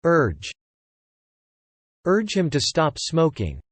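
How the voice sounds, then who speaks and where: A narrator slowly reading an English word list for learners, saying each word twice and then a short example phrase in a deliberate way. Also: mid-range voice, wildly swooping pitch, breathy edge, dry recording. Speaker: vocabulary narrator.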